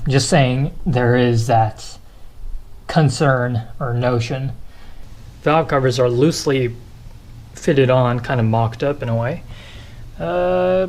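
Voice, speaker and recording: A car hobby vlogger narrates casually over work footage in a congested, nasal voice, hesitant and rambling with many fillers. His voice is mid-range with a darkish tone, and the audio quality is poor.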